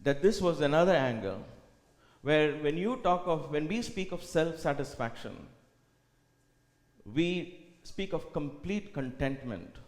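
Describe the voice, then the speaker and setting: A man giving a reflective spiritual talk at a retreat, often dropping to a soft hush. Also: a little high, expressive, measured pace. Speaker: retreat speaker. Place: retreat hall. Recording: echoey hall with long reverb.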